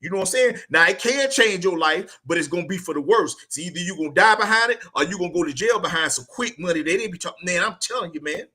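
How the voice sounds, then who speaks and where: A podcast host in middle age talks straight at the listener, with a voice that sits very high for a man and rings with a bright edge. He lectures in a loose, profane, preachy monologue, leaning on "man" and "you know what I'm saying" as he drives each point home. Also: animated, fast talker, few pauses. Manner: blunt, profane, preachy, repeats "man" constantly. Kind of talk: casual motivational monologue.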